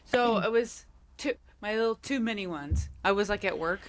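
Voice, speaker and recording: A woman's voice: medium pitch, moderate pace. A woman co-hosting a podcast, chatting casually with playful quips and easy laughter. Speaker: podcast co-host. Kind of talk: casual chat.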